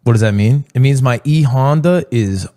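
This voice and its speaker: A man's voice: mid-range voice, moderate pace. A young man streamer telling stories in casual chat, acting out quotes as he goes. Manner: animated storytelling with mock quotes.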